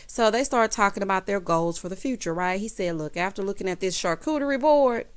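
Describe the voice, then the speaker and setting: A woman's voice: medium pitch, expressive, a little fast, clean tone. Sassy woman recapping reality TV. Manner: sassy, calls viewers honey and baby; acts out quoted lines in changed voices. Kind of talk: casual reality show recap.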